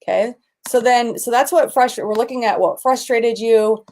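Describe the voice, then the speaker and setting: Energetic woman business coach. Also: a little high, normal speed. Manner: energetic, enthusiastic, bursts into excited shouts. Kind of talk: live online coaching session.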